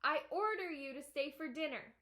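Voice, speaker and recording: A bratty little farm girl from a storybook who gives orders, as a woman puts her on. She sounds high and lively. Her tone is bossy and loud. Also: normal speed. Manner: commanding, bratty.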